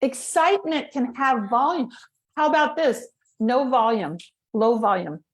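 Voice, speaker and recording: A woman's voice: fairly high pitch, unhurried, roomy sound. A woman voice coach chatting casually and acting out vocal techniques as she explains them. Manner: animated, demonstrates vocal techniques. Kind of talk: casual chat.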